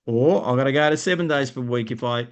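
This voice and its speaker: In a live stream aimed at business owners, an Australian man with a mid-range voice teaches energetically and explains things quickly and smoothly, often checking in with "right?". The audio is lo-fi.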